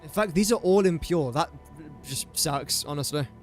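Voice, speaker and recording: A man's voice: on the high side, moderate pace, faint music behind. A man talking to himself in casual gameplay commentary, rambling and easily sidetracked. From England. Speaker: gaming streamer.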